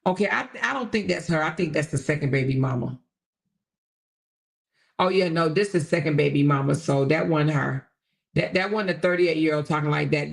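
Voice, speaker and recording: A woman's voice: low voice, gravelly. A woman hosting a livestream, talking bluntly and casually to her viewers and reading their comments aloud. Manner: chatty, addresses viewers directly, reads comments aloud; blunt and colloquial. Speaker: livestream host.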